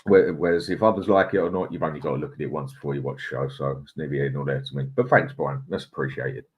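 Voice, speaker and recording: A man's voice: rumbling low, steady tone, fast. A man hosting a casual football fan live stream, reading out viewer comments and giving his opinions in a conversational way. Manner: opinionated, conversational, stumbles over names.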